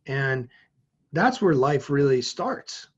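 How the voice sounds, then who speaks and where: A man from Massachusetts, a podcast guest telling a personal story in a lively, vivid way. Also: medium pitch, takes it slowly, husky. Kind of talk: storytelling in an interview. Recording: dull lo-fi sound.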